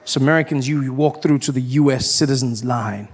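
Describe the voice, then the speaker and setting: A man performing a stand-up comedy routine, animated, slipping into shouted high voices for the characters he acts out. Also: brisk.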